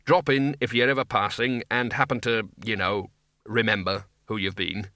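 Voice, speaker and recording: A man's voice: on the low side, fairly even intonation, normal speed, pushed and bright, dry recording, clean studio sound. A man playing a blunt old wizard dean.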